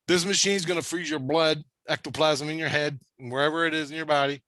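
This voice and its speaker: A man with a slightly high, bright, forceful voice talks fast, with no room sound. He is telling a long, rambling story about a spirit-world experience in casual conversation, swearing constantly and speaking with intensity.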